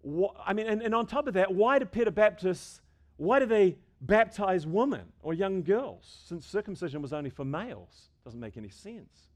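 Emphatic preaching man, slightly high voice. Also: animated, normal speed. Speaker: pastor. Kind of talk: sermon.

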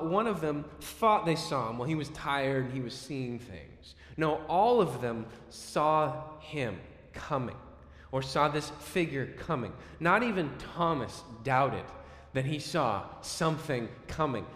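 A man preaching a sermon, telling the story dramatically with sudden swings between loud and soft. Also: on the high side, expressive, unhurried. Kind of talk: expository sermon. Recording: echoey hall with long reverb.

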